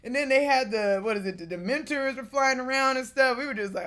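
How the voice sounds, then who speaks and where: A woman vlogger casually telling a lively, slangy story, cussing and breaking into laughter. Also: high-pitched, a little fast. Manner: animated, slangy, cusses, laughs often.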